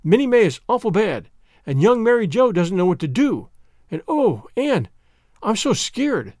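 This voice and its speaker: A man voicing a nervous, frightened young girl who pleads in a high, urgent voice. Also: very animated, fairly quick, a little mellow, no echo, studio quality.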